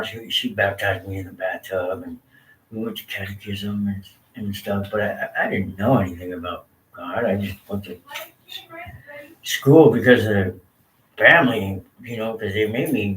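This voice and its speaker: A man's voice: lowish voice, steady tone, normal speed, a bit bright, recorded from a distance, slight background noise. A man from Southern California casually telling stories about his life in a laid-back, slangy, rambling way. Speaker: storyteller sharing his life. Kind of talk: casual personal storytelling. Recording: roomy off-mic sound with faint ambience.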